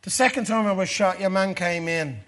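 An Irish man giving a personal testimony sermon to a church gathering, earnest, dropping low and slow for the dark parts. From Ireland.

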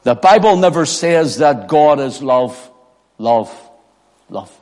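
A man preaching a sermon as pastor, dropping to near whispers and rising to ringing shouted cries. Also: mid-range voice, sing-song, takes it slowly. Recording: long hall reverb.

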